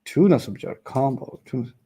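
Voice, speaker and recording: A man teaching an online class, quick and teasing with his students. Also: mid-range voice, lively intonation, warm tone, husky.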